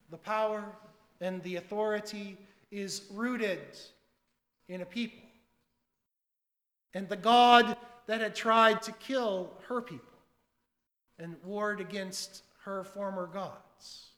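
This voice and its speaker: A male pastor preaching a sermon, swinging between loud emphatic lines and hushed asides. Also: high voice, takes it slowly, long pauses, echoey room, long reverb tail.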